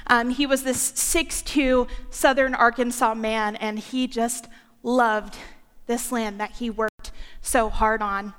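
A high, bright young woman delivering a sermon at an unhurried pace, with playful jokes along the way. Her voice rings out with a long hall reverb behind it. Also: steady tone, clean tone. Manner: playful, joking asides. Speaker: preacher.

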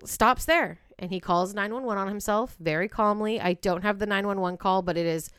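Smooth-voiced woman recounting a crime, blunt. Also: medium pitch, normal speed, fairly bright tone, no room sound, clean studio sound. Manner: blunt, profane, builds to heated outbursts. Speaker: podcast co-host. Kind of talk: true crime podcast narration.

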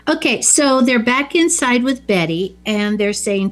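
A woman's voice: a little high, lively intonation, measured pace. A woman co-hosting a casual chat, retelling film scenes in a plain, matter-of-fact way with dry asides. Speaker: podcast co-host.

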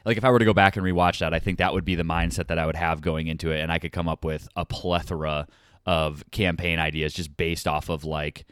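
A man with a very low, smooth, resonant voice chats on a podcast about tabletop games. He sounds enthusiastic and eager. The sound is dry and close. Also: fairly quick, no echo. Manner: excited, enthusiastic. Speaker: podcast co-host. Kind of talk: casual chat.

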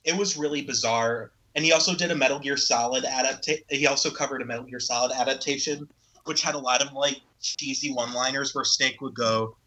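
A man's voice: mid-range voice, steady tone, a little fast, sharp tone, low-quality recording. A man co-hosting a casual podcast, eagerly recommending things and teasing the others. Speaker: podcast co-host.

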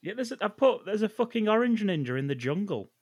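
A man's voice: high-pitched, very animated, fast, darkish tone, slightly rough, no echo, dull audio. A man co-hosting a podcast, giving a wry, dry running commentary on a film. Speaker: podcast co-host and editor. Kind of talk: casual chat.

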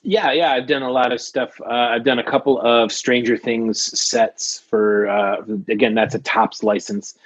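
A man's voice: medium pitch, fairly even intonation, unhurried, hardly any pauses, low-quality recording. A man talking as a guest on a casual podcast, explaining his freelance work with many fillers and restarts. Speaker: guest, trading card artist.

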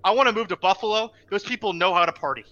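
A young man co-hosting a podcast, ranting fast and profanely in a high, sharp, forceful voice. He sounds exasperated and heated. The recording is dull and lo-fi. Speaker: podcast co-host. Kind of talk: ranting casual chat.

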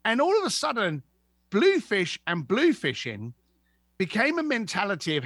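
A man's voice: sits high, moderate pace, dry recording, studio quality. A man telling anecdotes as a podcast guest, acting out the voices of the people in them. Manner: lively, acts out voices in anecdotes. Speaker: guest, author. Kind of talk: animated storytelling.

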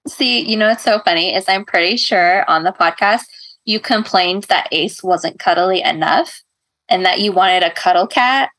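A woman's voice: lowish voice, moderate pace, fairly bright tone. A woman co-hosting a podcast, chatting casually, telling stories and laughing often. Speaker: podcast co-host. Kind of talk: casual chat.

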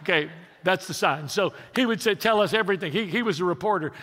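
Speaking fast in a high-pitched, slightly bright voice, a pastor in his sixties delivers an emphatic sermon and stirs up his congregation with questions. The setting is a large church sanctuary, where the long reverb of a big hall fills the recording.

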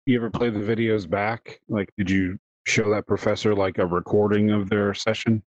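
A man's voice: on the low side, flat delivery, moderate pace, no room sound, lo-fi sound. A man hosting a podcast, making playful joking asides. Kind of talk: casual podcast chat.

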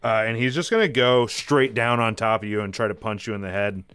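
A man's voice: fairly low pitch, a little fast, fairly bright tone, clear, resonant tone. A man narrating a tabletop game as game master, rambling with many fillers and laughing asides.

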